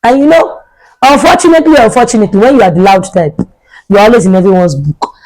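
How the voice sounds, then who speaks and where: A young adult woman vlogger tells a chatty storytime tale, repeating herself for emphasis. Her mid-range voice is animated, quick and mellow, though the recording is rough.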